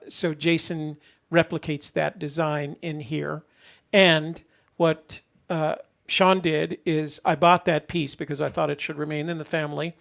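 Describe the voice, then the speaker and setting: Older male co-host, gravelly and a touch high, loose rambling storyteller. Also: a bit bright. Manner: rambling, self-correcting, laughs at himself. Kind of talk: casual live-stream chat.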